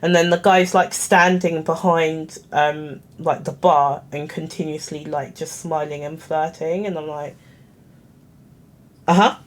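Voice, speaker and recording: A woman's voice: sits low, flat delivery, a little slow, hardly any pauses. A young woman, telling a story casually to camera in a chatty, giggly, self-conscious way. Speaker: vlogger.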